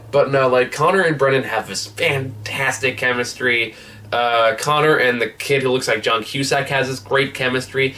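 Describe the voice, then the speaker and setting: A man rambles through a casual movie review, swearing freely and chuckling as he retells scenes. His voice is bright and forward, at an ordinary middle pitch. The mic sits some distance from him. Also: normal speed. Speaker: film reviewer.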